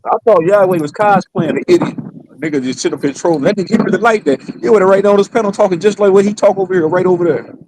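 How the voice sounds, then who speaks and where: Fast-talking high-voiced man telling stories. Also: noisy background. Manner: animated, profane storytelling with quoted exchanges. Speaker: streamer, show host. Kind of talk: casual storytelling chat.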